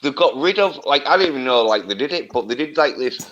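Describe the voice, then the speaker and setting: Rambling hesitant male co-host, average pitch, muffled lo-fi audio. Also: lively intonation, quick pace, a bit bright. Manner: rambling, hesitant, full of fillers. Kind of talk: casual livestream chat.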